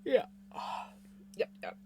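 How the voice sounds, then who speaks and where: A woman's voice: takes it slowly, darkish tone, whispered. A woman streamer chatting casually with her viewers while she crochets, greeting them by name and yawning now and then. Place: home room with a fan. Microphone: desk microphone.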